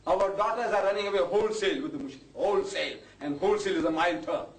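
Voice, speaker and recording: A man, giving an impassioned lecture to a live audience. His voice sits fairly high and leaps up on rhetorical questions. It is recorded from far off in an echoey hall, with a faint hiss behind. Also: racing. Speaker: Islamic preacher.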